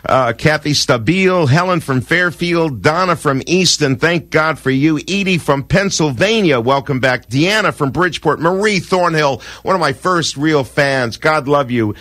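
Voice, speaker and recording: A man's voice: a little high, animated, moderate pace, few pauses, a bit bright, no room sound. An older man hosting a radio show, talking in an effusive, sentimental, rambling way from a studio microphone. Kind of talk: warm casual radio talk.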